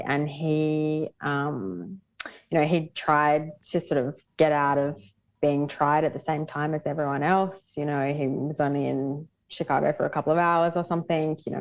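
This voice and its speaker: A woman's voice: low voice, lo-fi sound. A woman as the show's pop culture correspondent, reviewing a film in casual podcast chat, with many ums and restarts.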